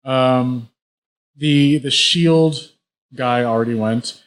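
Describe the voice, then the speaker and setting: Male game master, mid-pitched voice, vivid play-by-play narration. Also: very slow. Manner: vivid play-by-play with frequent restarts.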